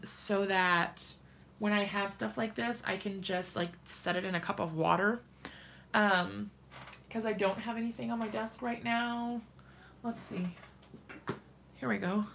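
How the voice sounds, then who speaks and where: A chatty woman in her thirties hosts a crafting demo from her home desk, talking straight to her viewers. Her voice is bright and forward, with a gravelly fry at the ends of phrases, and she laughs often between steps. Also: mid-range voice, a little hiss or hum. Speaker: crafting livestream host. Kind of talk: casual crafting demo chat.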